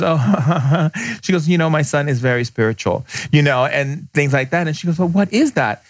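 A man, a podcast guest who is a shaman, telling stories in conversation, blunt and emphatic, often acting out the people he quotes with sudden jumps in pitch. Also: expressive, dry recording. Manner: emphatic, blunt, fast bursts. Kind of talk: animated storytelling in conversation.

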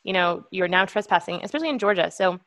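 A woman co-hosting a casual political podcast, indignant and quick, often restarting her sentences and talking over her partner. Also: fairly low pitch, lively intonation, a bit bright. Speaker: podcast co-host. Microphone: remote call with feedback.

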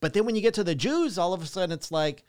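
A man hosting a casual podcast chat, an animated storyteller who laughs often and swears freely. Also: high-pitched, fast talker, clear, resonant tone. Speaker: podcast host.

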